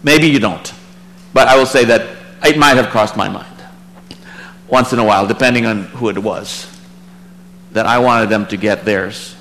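A man teaching a Bible passage in a sermon, reading verses aloud and then commenting in a relaxed, conversational way, his voice rising for emphasis. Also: moderate pace, pauses often, rough recording. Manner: animated, rises in pitch and volume for emphasis. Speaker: preacher.

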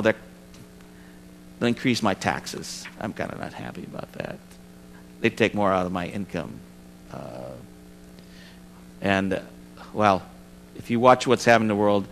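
A man's voice: medium pitch, a bit bright. Man preaching a casual Bible study. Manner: conversational, with restarts and asides. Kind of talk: informal Bible study sermon.

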